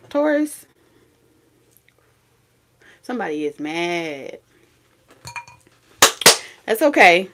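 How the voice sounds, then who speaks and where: A woman reads tarot cards in a vlog. Her talk is blunt and profane, scolding and full of repeated punchy phrases, in a voice of middling pitch. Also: moderate pace, a little hiss or hum. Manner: blunt, profane, scolding street talk with sudden laughs and singing. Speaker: tarot reader.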